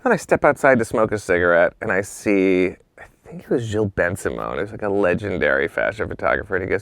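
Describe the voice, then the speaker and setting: Gravelly low-voiced man telling stories. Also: quick pace, dry recording. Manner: animated, acts out quoted voices; casual, swears freely. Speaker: interview guest. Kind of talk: storytelling anecdotes.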